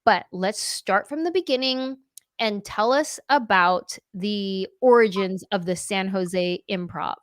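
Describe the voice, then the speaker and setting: A woman's voice: mid-range voice, unhurried, no room sound. Chatty woman host, dry close sound. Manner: chatty, playful, laughing asides. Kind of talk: casual chat.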